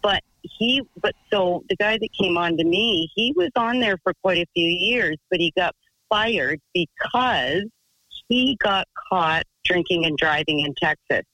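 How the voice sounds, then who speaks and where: A woman's voice: fairly low pitch, expressive, measured pace, pushed and bright, dry recording, low-quality recording. A woman from Canada calling into a radio show, telling a rambling story in a chatty, loose way. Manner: chatty, rambling, swears, laughs easily. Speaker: radio caller. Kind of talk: phone-in storytelling.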